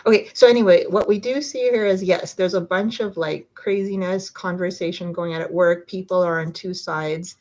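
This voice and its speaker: A woman's voice: on the low side, fairly even intonation, normal speed, hardly any pauses, a little mellow, poor audio. A woman doing a live tarot reading, chatting casually and rambling with lots of fillers and self-corrections. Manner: chatty, rambling, many fillers and self-interruptions, laughs often. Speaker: tarot reader.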